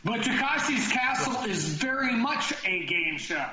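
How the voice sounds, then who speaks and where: A man's voice: very high-pitched, very animated, unhurried. A man hosting a comedy podcast, chatting casually and rambling with restarts and filler words. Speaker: podcast host. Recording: roomy, slightly dull sound with faint noise.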